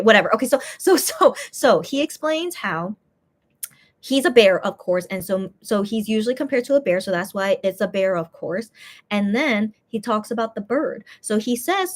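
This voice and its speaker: A woman chatting casually as a fan vlogger, rambling with many restarts and breaking into loud bursts of laughter. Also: high voice. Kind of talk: casual reaction commentary.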